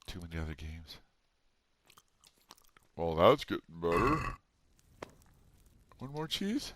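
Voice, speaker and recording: A man's voice: deep voice, sing-song, slow pace, fairly bright tone, a little hiss or hum. A middle-aged man casually commentating a video game, rambling, amused at himself and chatting to his viewers. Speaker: let's play host.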